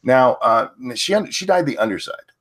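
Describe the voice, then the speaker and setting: A man's voice: medium pitch, expressive, moderate pace, fairly bright tone. A man hosting a casual podcast chat, reading posts aloud and then ranting bluntly with some swearing. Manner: reads tweets aloud, then rants bluntly with profanity. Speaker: host.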